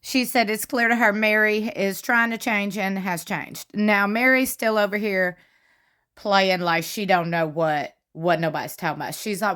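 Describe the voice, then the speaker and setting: A woman giving chatty, gossipy commentary on a reality show, retelling what was said with lively emphasis. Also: mid-range voice, moderate pace. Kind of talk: casual commentary.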